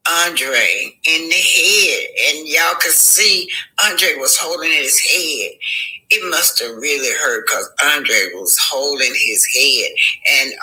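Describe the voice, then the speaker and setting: A man with a bright, slightly raised voice comments on show clips. He speaks slowly and reflectively, drawing out his points and addressing viewers directly. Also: a little high, poor audio. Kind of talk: casual vlog commentary.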